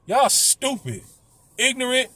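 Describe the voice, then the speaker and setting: A man's voice: extremely high pitch, sing-song, slow, sharp tone, no echo. A middle-aged man telling a casual, profane story, blunt and complaining. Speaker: vlogger.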